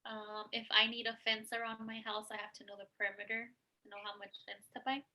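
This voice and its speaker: A woman's voice: a little high, flat delivery, quick pace, sharp tone. A woman answering a teacher's questions in class with short, hesitant replies. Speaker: student.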